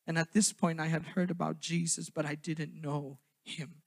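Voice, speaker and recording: A young man from southern Minnesota preaching a sermon, then telling his own story in a quieter, halting way. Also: a little high, flat delivery, vocal fry. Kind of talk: sermon with personal testimony.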